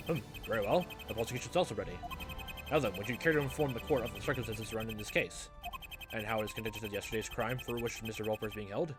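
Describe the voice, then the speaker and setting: A man voicing a stern older male judge in a game playthrough, speaking in formal, measured courtroom phrasing. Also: fairly low pitch, lightly acted. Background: background music.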